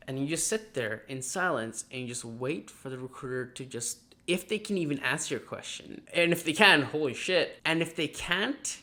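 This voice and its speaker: A man coaching viewers on job interviews in a direct-to-camera vlog, energetic and animated, now and then acting out quick mock dialogues. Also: a little high. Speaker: marketing coach.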